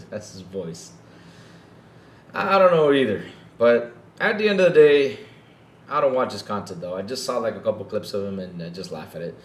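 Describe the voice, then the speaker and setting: A man ranting on a gaming podcast, his pitch bouncing all over the place as he mocks and needles his critics. He keeps ending sentences with "though". The sound has a roomy echo. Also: moderate pace, long pauses. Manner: animated, mocking, keeps tacking on "though". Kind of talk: casual livestream rant.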